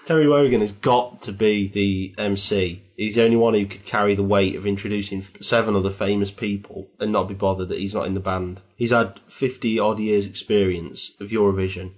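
A man with a low voice trades rambling pop-culture banter as a co-host. He talks in a dry, offhand way and laughs easily. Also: steady tone, a little fast, hardly any pauses. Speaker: podcast co-host. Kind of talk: casual chat, banter.

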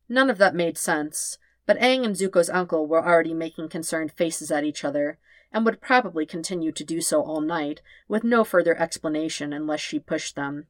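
A woman calmly narrating a fan story in a steady, even reading voice. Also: low voice, normal speed, dry recording, studio quality. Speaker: podfic reader. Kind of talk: scripted narration.

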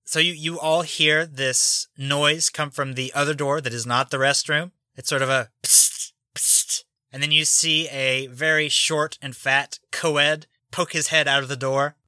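Bright, dry-voiced man running the game. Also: a little high, steady tone, normal speed, hardly any pauses, no echo. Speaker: game master. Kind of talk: narrating a tabletop game.

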